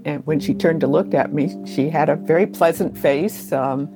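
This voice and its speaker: A middle-aged woman being interviewed, recounting her childhood memories in a measured way that slows down at the key moments. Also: deep voice, over music. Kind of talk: storytelling interview.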